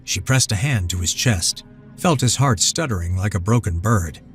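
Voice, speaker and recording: A man narrating a scripted fantasy story in a measured, dramatic manner. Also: on the low side, lively intonation. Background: soft background music.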